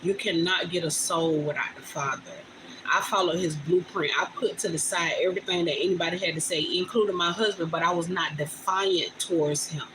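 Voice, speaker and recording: A woman's voice: lowish voice, steady tone, brisk. Emotional woman talking to viewers. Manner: chatty, emotional, addresses viewers as y'all. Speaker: vlogger on a livestream. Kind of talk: casual heartfelt livestream talk. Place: home indoors. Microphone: phone. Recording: phone recording with clear background noise.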